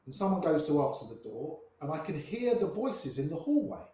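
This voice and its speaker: A man's voice: on the high side, big pitch swings, brisk, mellow. Grey-haired storytelling man, echoey room. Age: older. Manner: anecdotal, acts out quoted voices. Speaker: poker player guest. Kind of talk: storytelling interview.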